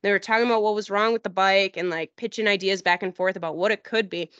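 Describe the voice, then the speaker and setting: A woman on a podcast telling a long story in casual chat, rambling and acting out what people said in a higher voice. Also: steady tone, fast, fairly bright tone, smooth, no echo. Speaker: podcast host. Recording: dull, dry lo-fi audio.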